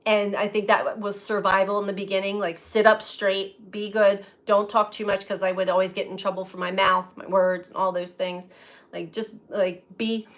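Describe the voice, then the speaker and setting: A woman tarot reader reflecting aloud in a slow, musing way, often breaking into light laughter. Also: mid-range voice, flat delivery. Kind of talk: spiritual reflection to camera.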